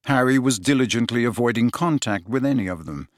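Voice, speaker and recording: Male audiobook narrator, steady and measured, dry close mic. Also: medium pitch, dry recording. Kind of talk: scripted narration.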